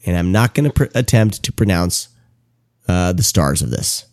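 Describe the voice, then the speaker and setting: A man hosting a podcast in a casual chat, talking quickly and running his words together. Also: low-pitched, expressive, a little mellow, dry recording, clean studio sound. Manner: talks fast, runs words together. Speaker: podcast host.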